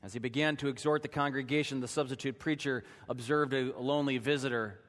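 A man preaching a sermon in a church, telling a story dramatically and rising to shouts at its peak. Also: medium pitch, steady tone, fast, big-room sound. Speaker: pastor. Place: church sanctuary.

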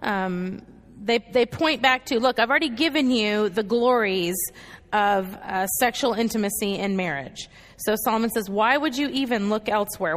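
A woman's voice: mid-range voice, long reverb tail. A woman teaching a Bible study, walking through the verses one by one and often checking in with "okay" and "right".

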